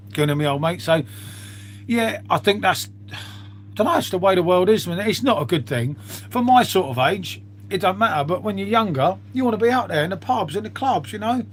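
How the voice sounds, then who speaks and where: A middle-aged man with a somewhat high voice talks casually on a live stream. He swears freely and calls his viewers mate. A faint hum sits under his voice.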